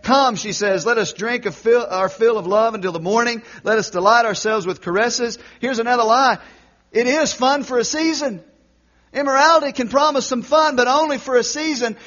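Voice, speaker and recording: A high-pitched male pastor preaching a sermon, swinging from shouted exhortation down to near-whispered intensity. The recording is dull and lo-fi. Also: normal speed.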